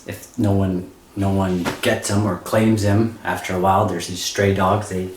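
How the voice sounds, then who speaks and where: A man doing amateur stand-up comedy, rambling and halting, often laughing at his own jokes. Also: low voice, little pitch movement, roomy sound, background noise.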